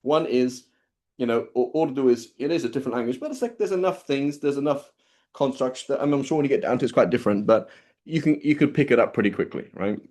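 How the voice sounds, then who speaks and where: A male teacher lecturing in an easygoing, conversational way, tagging "right?" onto most sentences. He keeps turning to his students with quick questions. His pitch sits in the middle for a man. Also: a little mellow. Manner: casual, checks in with "right?" constantly. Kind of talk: classroom lecture.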